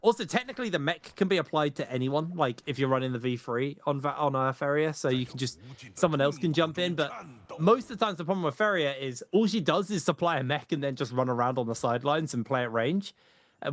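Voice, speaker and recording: A man casting a live esports match, energetic and rambling, often correcting himself mid-sentence. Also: on the high side, a little fast. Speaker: esports caster. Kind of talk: live esports play-by-play commentary.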